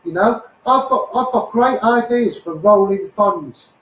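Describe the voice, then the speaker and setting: Ranting high-voiced Scouse man, echoey. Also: lively intonation, a little slow, a bit bright. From Liverpool, England. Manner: angry swearing rant, repeats words, fills with "mate" and "you know". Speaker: activist livestreamer. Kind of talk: ranting live stream. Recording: echoey room, voice far from the mic.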